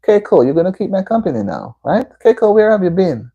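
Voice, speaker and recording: A Jamaican woman chats on her home livestream, greeting viewers and giving them motherly advice. Her pitch swings widely and her voice sounds mellow and warm. The audio is slightly dull and lo-fi. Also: very animated, fairly quick, slightly rough. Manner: chatty, reads and answers viewer comments, motherly advice. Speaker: livestream host. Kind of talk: casual live-stream chat. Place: indoor room at home.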